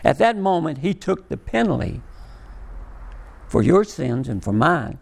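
A man delivers a sermon in a fairly high, gravelly voice. His pitch swings widely as he presses each point home, slow and emphatic. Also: sing-song. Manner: slow, emphatic preaching with rising and falling emphasis. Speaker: pastor.

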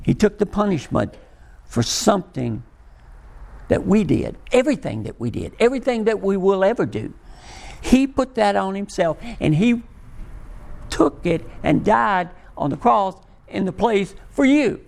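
A man preaching a sermon, speaking slowly and emphatically with rising and falling emphasis. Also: sits high, sing-song, creaky, darkish tone. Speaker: pastor.

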